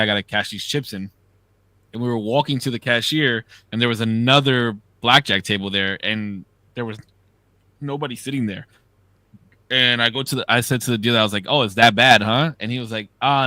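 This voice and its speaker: Bright-voiced man telling profane stories. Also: on the low side, dry recording. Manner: animated, profane storytelling. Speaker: podcast co-host. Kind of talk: casual chat, storytelling.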